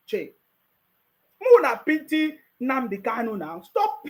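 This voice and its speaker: A man's voice: very high-pitched, wildly swooping pitch, measured pace, a bit bright, rough recording. A Nigerian man giving casual political commentary, mocking and laughing often, repeating his words.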